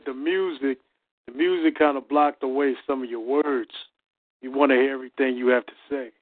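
Sex: man. Role: open mic participant. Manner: calm, practical. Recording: dry, tinny phone line. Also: medium pitch, fairly quick, dry recording. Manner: calm, practical, matter-of-fact. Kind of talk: casual chat on a call.

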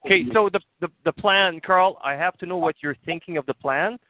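A man's voice: high voice, a little fast, no room sound. A man asking for advice on a casual phone call, hesitant and stumbling over his words. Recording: tinny phone line from a distance.

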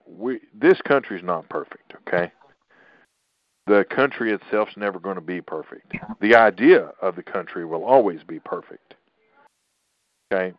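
A man's voice: lowish voice, dry recording, dull audio. A middle-aged man hosting a political podcast, talking in an opinionated, rambling way with frequent restarts. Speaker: podcast host.

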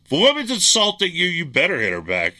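Angry, bright-voiced talk radio man. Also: on the high side, huge pitch swings, quick pace. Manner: angry ranting, blunt and combative. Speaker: radio show host. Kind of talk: political talk radio monologue.

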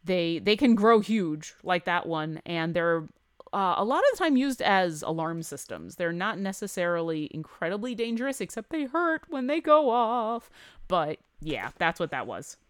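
A woman running a tabletop game, narrating scenes and asking for rolls in an easy, descriptive way. Her voice is smooth and resonant at a mid pitch, and the recording is dry and close. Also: normal speed, no echo. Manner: descriptive, relaxed, with hesitant fillers. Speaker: game master.

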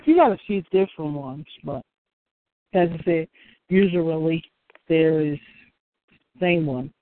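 A man's voice: fairly high pitch, animated, unhurried, dry recording, narrow, tinny audio. A man hosting a casual online community call in a laid-back way, often adding "you know". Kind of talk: casual group chat.

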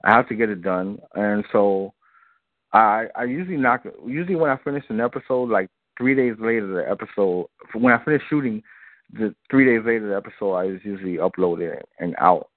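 A man's voice: fairly low pitch, expressive, fairly quick, no echo. A man, a guest filmmaker, chatting casually in a radio interview, loose and repetitive, laughing often. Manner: loose and talkative, repeats himself, laughs often. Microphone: phone. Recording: dry, tinny phone line.

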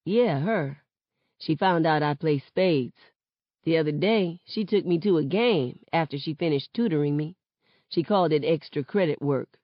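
A woman reading the part of an easygoing teenage boy who talks in relaxed slang, on a dull lo-fi recording. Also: low-pitched, normal speed, dry recording, lightly acted.

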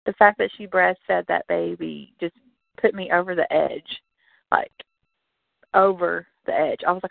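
A woman's voice: medium pitch, lively intonation, moderate pace, gravelly, no room sound. A woman co-hosting a casual radio chat show, talking animatedly and laughing as she acts out her reactions. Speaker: podcast co-host. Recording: dry, phone-like line.

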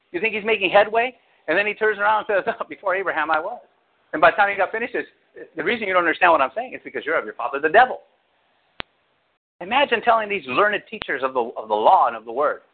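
Man, pastor, animated sermon, lively pitch, phone-like sound. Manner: animated preaching, acts out quotes with big pitch jumps. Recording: tinny phone-like audio.

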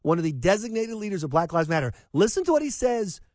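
Animated man hosting talk radio. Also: high voice, quick pace, dry recording. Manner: animated, emphatic, sarcastic asides. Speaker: radio talk show host. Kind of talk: opinionated talk radio monologue.

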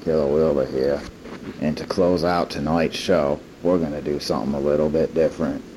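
A man doing a put-on Australian accent as a mock host closing a show, in a flat, deadpan delivery. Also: very deep voice, normal speed. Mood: mock-cheerful. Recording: noisy home recording with air-conditioner hum.

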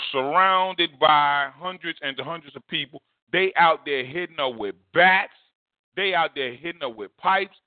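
A male pastor preaching a storytelling sermon, leaping high in pitch to act out a shouting crowd. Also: no room sound. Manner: animated, swings high to mimic a shouting crowd. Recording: dry, phone-like narrow sound.

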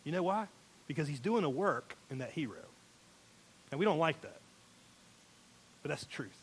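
A man's voice: fairly high pitch, lively intonation, normal speed, slight background noise. A man preaching a sermon, emphatic, quoting people in acted asides. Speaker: pastor.

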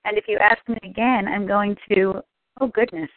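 A woman's voice: mid-range voice, fairly even intonation, normal speed, dry recording, close to an everyday voice. A woman acts out a fed-up male bartender in a spoken joke. He scolds in a raised, exasperated voice, heard dry through a narrow phone line. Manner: exasperated shouting.

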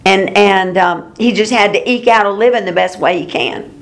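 A woman's voice: medium pitch, moderate pace, creaky. A woman teaching a Bible study class in a chatty, explanatory way, chuckling now and then. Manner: conversational, chuckles, explains with rhetorical asides.

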